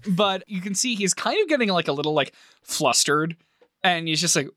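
A man narrating a tabletop game as game master, animated and often laughing. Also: high voice, normal speed, dry recording, studio quality.

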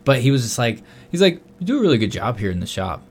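Animated, swearing young man telling a story. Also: mid-range voice, fast, slightly rough. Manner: animated, swears a lot, loud bursts when quoting himself. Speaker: podcast co-host. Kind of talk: casual storytelling chat.

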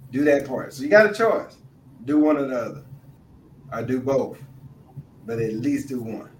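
A middle-aged man co-hosting a casual chat, animated and repeating phrases for emphasis. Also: mid-range voice, roomy sound, recorded from a distance, slight background noise, low-quality recording. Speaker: co-host.

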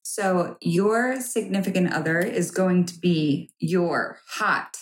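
A woman co-hosting a podcast who answers her partner with quick, teasing remarks. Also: fairly low pitch, low-quality recording. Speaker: podcast co-host. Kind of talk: casual banter.

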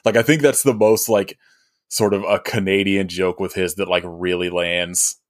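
Deep-voiced man, podcast co-host, rambling, lots of fillers. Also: steady tone, normal speed. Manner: rambling, many fillers, laughs often. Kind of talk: casual movie review chat.

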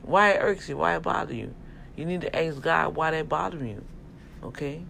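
Man vlogger, gravelly voice, preachy and emphatic, addressing viewers, slight background hiss. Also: a little high, moderate pace, sharp tone. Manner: emphatic, sermon-like exhortation; talks directly to viewers, folksy. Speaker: vlogger and self-publisher. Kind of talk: casual preachy rant to camera.

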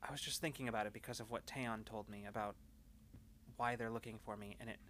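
A man voicing an anxious young woman co-pilot who speaks quietly, haltingly and apologetically. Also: on the low side, steady tone, slight background noise, natural voice. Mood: uneasy.

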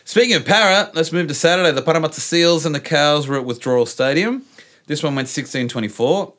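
A man's voice: a little high, fairly quick. An Australian man hosting a casual sports chat, telling stories with lots of laughter. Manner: animated storyteller, laughs often. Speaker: podcast host.

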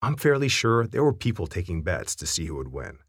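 A man reads a funny family story aloud with a wry, animated delivery. His voice sits low but swings widely in pitch, and it has a husky edge. The recording is dry and close. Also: fairly quick, dry recording. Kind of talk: reading a family anecdote aloud.

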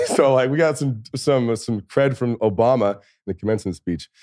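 A man's voice: medium pitch, normal speed, a little mellow, no echo, studio quality. A man in his thirties, a former football player, telling casual stories as a podcast guest, laughing often and swearing freely. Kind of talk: casual storytelling.

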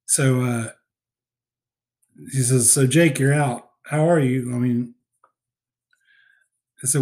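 A man talking through a movie in a loose, rambling way, leaning on fillers and restarts as he goes. His pitch sits in the middle for a man, and he sounds relaxed and conversational, like a podcast co-host chatting with a friend. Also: slow, long pauses. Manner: rambling recap with many fillers. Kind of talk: casual film discussion.

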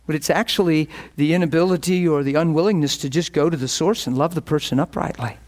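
A male pastor preaching with passion, telling stories and acting out his own inner thoughts. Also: fairly high pitch. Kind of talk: sermon.

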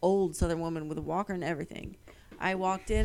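A woman's voice: lowish voice, fast, a little mellow, a little hiss or hum. A woman in casual chat, telling stories animatedly and acting out the voices of people she quotes.

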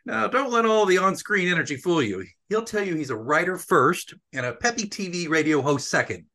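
Bright-voiced chatty male podcast host. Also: high-pitched, expressive, a little fast. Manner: friendly, chatty, joking. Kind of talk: casual interview chat.

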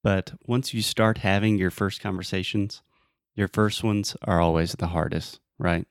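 A man's voice: deep voice, fairly even intonation, a little slow, creaky, no room sound, studio quality. A man with a Southern American accent, hosting a podcast and giving upbeat, step-by-step advice to learners. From Southern United States. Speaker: podcast host and English teacher. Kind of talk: casual podcast chat.

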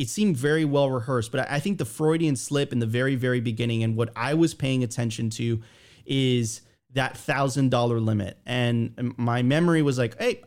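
A man co-hosting a podcast, talking casually with halting restarts and many rhetorical questions. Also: mid-range voice, a little mellow. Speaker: podcast co-host. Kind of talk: casual opinion chat.

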